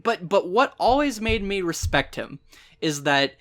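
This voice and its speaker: An excitable podcast host who talks in long, rambling runs and laughs often. The voice sits at a middling pitch, and the talk is loose and casual. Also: a little slow. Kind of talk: casual chat.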